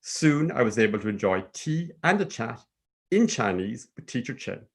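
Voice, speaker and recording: A man's voice: medium pitch, big pitch swings, moderate pace, slightly rough. Lilting Cork Irish man telling a story. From Ireland. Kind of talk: told personal story.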